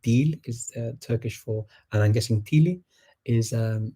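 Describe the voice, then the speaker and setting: Male stream host with a warm, husky voice, chatty and full of ums, fielding viewer questions. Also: medium pitch, measured pace. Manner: chatty, frequent ums and chuckles. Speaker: language learning host.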